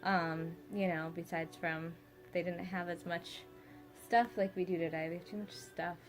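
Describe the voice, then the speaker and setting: A woman's voice: lowish voice, little pitch movement, moderate pace, faint music behind. Rambling young mother vlogging at home. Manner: rambling, many fillers like "you know". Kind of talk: reflective home vlog.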